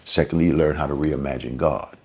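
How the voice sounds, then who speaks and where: A man preaching a sermon in a conversational way. He repeats and restarts phrases, and his pitch and volume jump up suddenly for emphasis. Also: steady tone, brisk, husky. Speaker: pastor.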